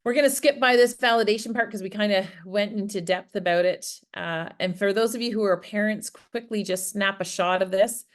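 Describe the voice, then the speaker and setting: A woman's voice: medium pitch, fairly quick, hardly any pauses. A woman presenting an interactive workshop, talking in an engaging way, asking the audience questions and acting out example phrases. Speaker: workshop presenter on farmer wellbeing. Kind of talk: interactive online workshop talk. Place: Prince Edward Island, Canada.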